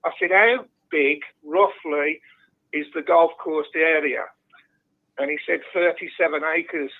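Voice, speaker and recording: A man's voice: fairly high pitch, steady tone, unhurried. A man with a Birmingham accent calling into a football chat show, blunt and ranting, swearing freely. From Birmingham, England. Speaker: phone-in caller. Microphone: telephone. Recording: tinny phone line.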